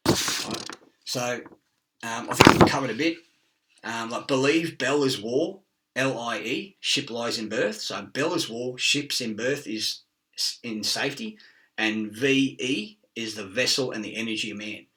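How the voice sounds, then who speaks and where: A man's voice: medium pitch, measured pace, bright, forceful tone, far from the mic. A middle-aged man, rambling through a profane monologue, laughing and chasing wordplay and word origins.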